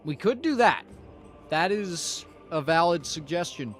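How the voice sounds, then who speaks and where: A man's voice: a little high, expressive, unhurried, a bit bright, faint music behind. A man from Canada running a tabletop role-play stream as game master, often restarting to check the players' choices.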